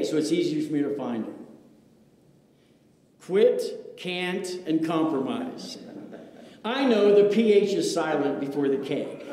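Dramatic preacher in an echoey sanctuary. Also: male voice, on the high side. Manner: dramatic preaching, swinging from loud exclamations to hushed intimate lines. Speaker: pastor. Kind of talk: sermon. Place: church sanctuary. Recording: echoey church sanctuary with long reverb.

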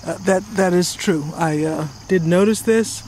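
A woman's voice: fairly low pitch, a little slow, warm tone, slight background noise, rough recording. A woman co-hosting a casual podcast chat in a chatty, playful way. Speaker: podcast co-host. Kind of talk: casual conversation.

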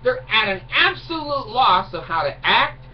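A man's voice: high voice, very animated, a little slow. A middle-aged man ranting indignantly to camera, mocking and chuckling at his own jokes. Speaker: video blogger. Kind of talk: ranting monologue. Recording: distant mic, dull lo-fi sound, faint noise.

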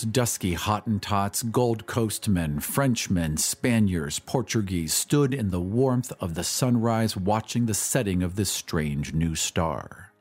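A man giving a measured, dramatic audiobook narration of a classic story. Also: on the low side, a little mellow. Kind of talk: scripted narration. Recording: faint music bed under narration.

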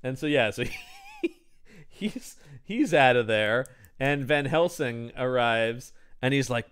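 A man's voice: mid-range voice, huge pitch swings, slow, fairly bright tone, smooth. A man co-hosting a casual movie recap, laughing often and acting out the characters' lines. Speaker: podcast co-host.

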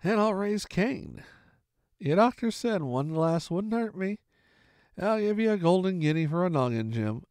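A feeble old sea captain , as a man reads him aloud, drawls in slow, gruff sailor talk and pleads for drink. The gravelly voice rolls up and down. The sound is dry and close. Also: high voice, expressive, a little mellow, no echo. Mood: pleading. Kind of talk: audiobook reading.

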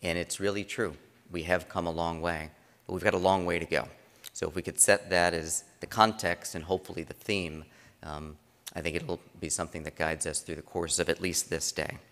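A man's voice: low voice, steady tone, normal speed, fairly bright tone. A man giving opening remarks as conference chairman, telling stories in a loose, conversational way with frequent restarts, in a large conference room. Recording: long reverb of a conference hall.

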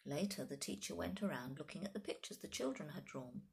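A woman reading a children's story aloud in an expressive, animated storytelling manner. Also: sits low, fairly quick, creaky.

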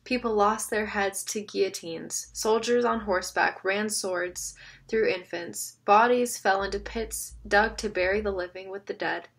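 A woman reading an audiobook aloud, with steady, measured storytelling. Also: medium pitch, vocal fry. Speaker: audiobook narrator. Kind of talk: scripted narration.

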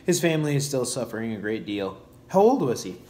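A man reading aloud, voicing a quiet, withdrawn preacher father in a soft, subdued way. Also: mid-range voice, big pitch swings, fast, voice pushed down, close to an everyday voice.

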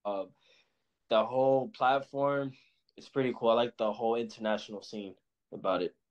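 A young man from Los Angeles talks as a boxing guest, relaxed and full of slang. His voice sits in an ordinary middle register. The recording sounds dull and lo-fi. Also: mid-range voice, normal speed. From Los Angeles, USA. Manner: laid-back, slangy, rambling. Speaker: pro boxer guest. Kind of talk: casual interview chat. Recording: muffled lo-fi sound.

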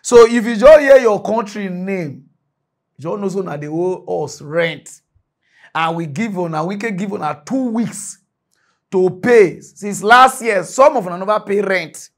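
A Nigerian man hosts a satirical mock news rant in a high, bright-sitting voice. He talks animatedly, jumping from loud bursts down to low muttered asides. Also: unhurried.

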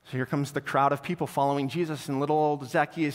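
A male pastor giving a sermon, telling a story in an animated way that swings from loud to hushed. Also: fairly high pitch, fast talker. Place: church sanctuary. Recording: long church reverb.

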